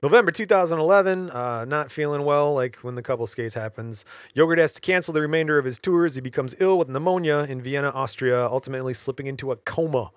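A man's voice: a little high, fast talker, no echo, studio quality. A man co-hosting a casual podcast, narrating events with dates and jokes between his friends' remarks. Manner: storyteller reading out dates, joking. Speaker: podcast co-host telling the story.

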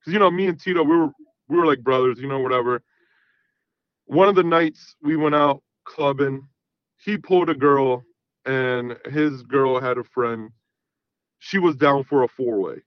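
A man's voice: mid-range voice, normal speed, dry recording, dull audio. A man in his thirties telling a long personal story in casual chat, rambling and often saying "you know what I mean". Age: 30s. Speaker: guest.

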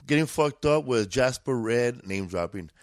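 Slangy, profane LA comedian. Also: male voice, medium pitch, expressive, moderate pace, no echo. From East Los Angeles. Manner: profane, laid-back, drawling street slang. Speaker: guest comedian. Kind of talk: casual storytelling.

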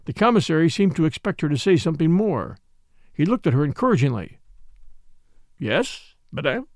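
A man's voice: on the high side, quick pace, no echo, studio quality. A man narrating a mystery novel as an audiobook, reading expressively. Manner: expressive storytelling.

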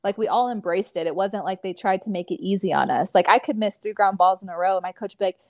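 A young woman from California talks through her memories as an interview guest, loose and chatty, leaning on "like" at every turn. Her voice sits at an ordinary middle pitch, and the recording is close and dry with no room sound. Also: fast, no echo. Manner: chatty, filler-heavy "like", animated storytelling. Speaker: athlete guest. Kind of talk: casual interview chat.

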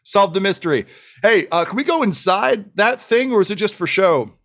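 A man's voice: high-pitched, animated, moderate pace, fairly bright tone, voice pushed up. A man voicing a theatrical, self-important female gnome scientist who makes dramatic proclamations. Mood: breezy.

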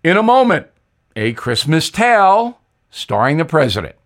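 A man's voice: a little high, very animated, moderate pace, a bit bright, slight background noise. An older man hosting a news commentary show, telling a wry satirical tale with emphasis. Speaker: host.

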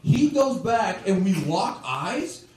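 A young stand-up comic from Toronto, Canada, speaks slowly in a high, slightly mellow voice with big swings in pitch. Performing on a comedy club stage, he rambles loosely and tags lines with "right?" and "okay?", as audience laughter rings through the roomy, distant live club recording.

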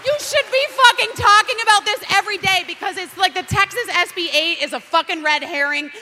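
A woman, an actress guest on a talk show, giving a fiery, profane comic rant that breaks into shouting. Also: very high-pitched, a little fast, music in the background, a crowd in the background. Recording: reverberant hall.

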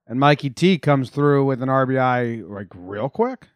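A young man co-hosting a podcast, joking and telling animated stories about a baseball game. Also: medium pitch, normal speed, no room sound. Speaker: podcast co-host. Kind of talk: casual sports chat.

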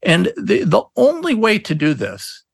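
A man's voice: sits high, huge pitch swings, a little slow, vocal fry, breathy edge, no room sound. A middle-aged man, an attorney, telling stories in an interview, earnest and emphatic, with many restarts. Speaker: attorney, podcast guest. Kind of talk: conversational interview storytelling.

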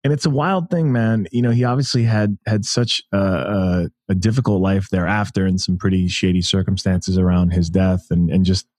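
Guy in his 30s from the us telling stories, lowish mellow voice, dry sound. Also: fairly even intonation, normal speed, few pauses. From United States. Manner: storytelling, enthusiastic, many restarts. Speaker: podcast guest. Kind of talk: casual interview chat.

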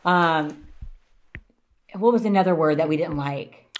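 A woman's voice: low-pitched, measured pace. A young woman co-hosting a podcast, telling stories in casual, swearing chat and acting out quotes. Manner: animated storytelling, swearing, acts out quotes. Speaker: podcast co-host.

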